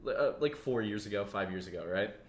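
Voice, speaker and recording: A man co-hosting a comedy podcast, chatting casually, swearing freely and quick to laugh. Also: on the low side, expressive, reverberant. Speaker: podcast co-host.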